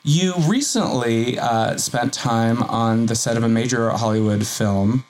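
A man hosting an interview, asking long, measured questions with some hesitant fillers. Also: mid-range voice, darkish tone. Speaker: interview host.

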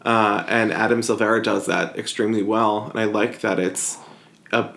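A man co-hosting a podcast, chatting casually about books, rambling with lots of "like" and quick to laugh. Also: fairly low pitch, steady tone, vocal fry, a bit bright. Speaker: podcast co-host. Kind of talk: casual book-club chat.

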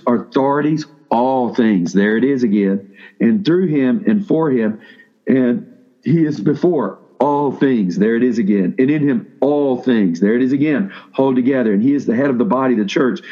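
A man's voice: medium pitch, darkish tone, slightly rough, highs cut off. A man preaching a sermon to seminary students, talking casually with restarts and questions to the room. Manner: conversational preaching with frequent restarts and questions to the audience. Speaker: pastor speaking to seminary students.

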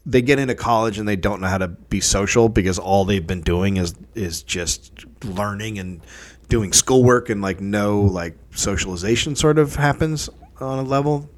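A man hosting a casual chat, telling animated, profane anecdotes and acting out the quotes. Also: fairly low pitch, moderate pace.

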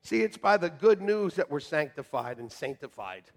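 A male pastor preaching a sermon to his congregation, joking with them and moving between quiet asides and shouted emphasis. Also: fairly high pitch, sing-song, moderate pace. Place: church sanctuary.

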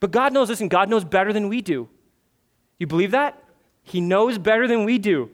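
In a church sanctuary, a pastor in his thirties with a high voice delivers an energetic sermon at normal speed. His intonation is lively, and he acts out desperate prayers in a raised, pleading voice.

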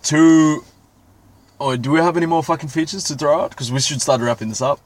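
Fast-talking sweary male podcast host. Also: on the high side. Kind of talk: casual crude banter.

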